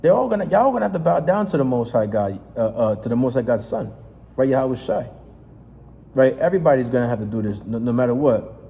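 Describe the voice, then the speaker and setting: A man preaching in a fiery, confrontational sermon, reading scripture aloud and breaking off into profane, emphatic asides with a steady "right?". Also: medium pitch, fast, vocal fry. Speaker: street preacher. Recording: reverberant space with faint noise.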